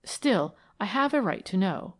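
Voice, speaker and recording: A woman's voice: mid-range voice, sing-song, a little slow. A woman voicing a resigned, frustrated young lady who speaks in a clipped way.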